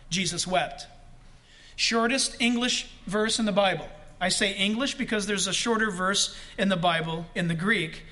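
A man preaching a sermon, pressing his points with rising emphasis and slowing right down on key words. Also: sits high, pushed and bright. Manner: preaching with rising emphasis and slow, drawn-out stresses. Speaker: pastor.

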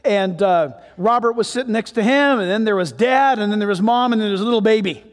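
A man's voice: high-pitched, fast. A man, a pastor, preaching a sermon in a conversational, storytelling way. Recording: echoey hall.

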